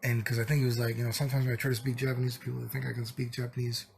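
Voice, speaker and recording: A man's voice: mid-range voice, flat delivery, rapid-fire, gravelly, slight background noise. A young man vlogging casually, sick and exasperated, rambling profanely about a bad day. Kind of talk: casual vlog rant.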